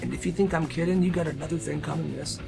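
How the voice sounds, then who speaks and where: A fed-up father, as a man acts him out, firm and scolding, his voice rising and falling with lively emphasis. He lays down the rules and will not budge. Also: sits high, normal speed, soft background music. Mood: stern.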